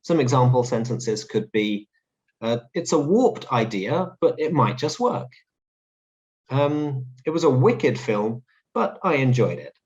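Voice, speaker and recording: Man, teacher, very animated pitch, upbeat explaining, slightly dull lo-fi audio. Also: unhurried. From London. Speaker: English teacher host. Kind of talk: English vocabulary lesson.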